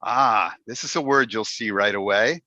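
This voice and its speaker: A man's voice: lowish voice, normal speed, pushed and bright, dry recording. A man giving a playful, humorous talk to a Toastmasters club over a video call, putting on mock dismay as he goes. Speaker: Toastmasters speaker. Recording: dull, dry video call audio.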